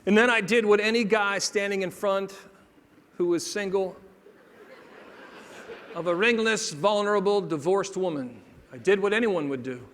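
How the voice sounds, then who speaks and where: Middle-aged guy doing a motivational speech, slightly high voice, jokey then goes soft, big echoey hall. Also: normal speed, pauses often, a little hiss or hum. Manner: humorous, builds to hushed emotional moments. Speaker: motivational speaker. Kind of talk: storytelling keynote speech. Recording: long reverb of a large hall.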